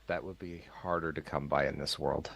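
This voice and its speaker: A man playing a tabletop game, speaking in a relaxed, matter-of-fact way. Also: rumbling low, fairly quick, creaky, rough recording. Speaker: player.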